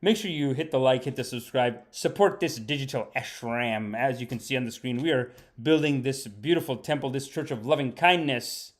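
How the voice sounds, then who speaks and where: A man's voice: medium pitch, normal speed, few pauses. A man hosting a late-night livestream, joking and rambling while reading viewer comments. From Canada. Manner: joking, rambling, reads chat aloud. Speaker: livestream podcast host. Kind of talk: casual comedic livestream chat.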